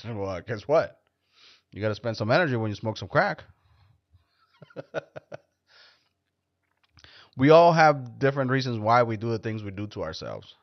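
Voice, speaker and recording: A man's voice: medium pitch, lively intonation, unhurried, long pauses, no echo. Foul-mouthed male host, loose rambling monologue, dry and dull lo-fi sound. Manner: profane, blunt, joking. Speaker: podcast host.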